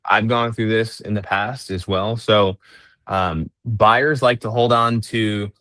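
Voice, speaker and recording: A man's voice: fairly low pitch, steady tone, takes it slowly, pushed and bright, dry recording. A man coaching real estate agents on a group call, teaching step by step and acting out sample lines to clients.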